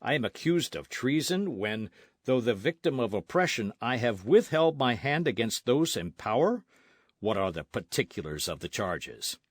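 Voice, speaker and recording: A man voicing a proud, elderly nobleman who swings from stiff dignity to outraged shouting, in a dry, close audiobook recording. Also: mid-range voice, big pitch swings, moderate pace, no echo. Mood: indignant. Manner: indignant, proud, rising to shouts. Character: pompous, outraged elderly Spanish-Californian nobleman.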